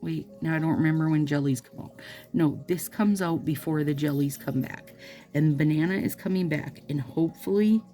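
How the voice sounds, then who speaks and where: A nail vlogger from Minnesota talks to camera in a deep, warm voice at a moderate pace while applying nail strips. Her casual chat is rambling and playful, full of asides, with soft music in the background.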